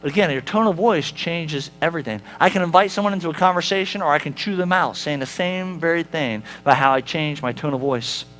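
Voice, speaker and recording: High-voiced man preaching conversationally. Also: fairly quick, few pauses, a bit bright, slight background noise. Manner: conversational, asks the congregation rhetorical questions; wry humor. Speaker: pastor. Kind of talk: sermon. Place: church sanctuary.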